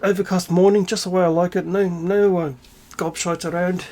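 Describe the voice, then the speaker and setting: Speaking at normal speed in a somewhat high voice, a channel host rants directly to his viewers in a solo vlog. He's sarcastic, irreverent, and animated, swearing freely, punching key words with sudden emphasis, and laughing between points.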